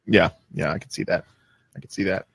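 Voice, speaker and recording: A man's voice: low voice, steady tone, fairly quick, creaky, breathy edge, dry recording. A man hosting a podcast, leading segments in an easygoing, filler-heavy casual chat. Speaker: podcast host.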